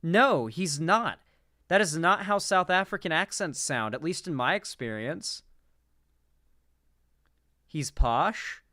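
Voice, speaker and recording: A man's voice: a little high, animated, a little slow, sharp tone, no echo, clean studio sound. A man streaming casual political reaction commentary, rambling and swearing with incredulous asides.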